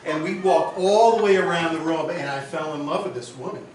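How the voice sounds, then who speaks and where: A man's voice: on the high side, brisk, far from the mic. A man speaks at a memorial gathering, rambling and emotional as he tells stories about a late friend. He stands well back from the mic, and his voice rings in a roomy hall with a faint hiss behind it. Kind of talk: personal memorial speech.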